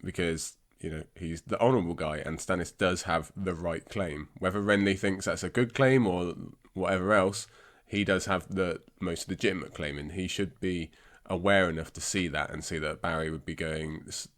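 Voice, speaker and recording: A man's voice: deep voice, steady tone, moderate pace, hardly any pauses, a bit bright. A man hosting a book podcast, congested and with a scratchy throat, chatting in a rambling, self-deprecating way. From England. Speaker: podcast host. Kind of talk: casual podcast chat about books.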